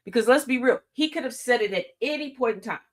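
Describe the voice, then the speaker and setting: A woman's voice: a little high, lively intonation, fast talker. A woman hosting a radio talk show, giving an opinionated commentary monologue. She speaks directly to her listeners, repeats key lines for emphasis and throws in folksy, slangy asides. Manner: emphatic, addresses listeners directly with rhetorical questions.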